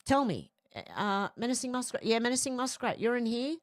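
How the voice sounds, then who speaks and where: A woman's voice: a little high, expressive, a little fast, no echo, studio quality. A woman hosting casual political opinion commentary, blunt and outspoken, reading posts aloud and reacting to them.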